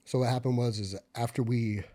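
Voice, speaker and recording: Profane veteran telling war stories. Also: male voice, medium pitch, brisk. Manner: profane, filler-heavy, gets animated and loud when reliving tense moments. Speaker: podcast guest, military veteran. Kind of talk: casual conversational storytelling.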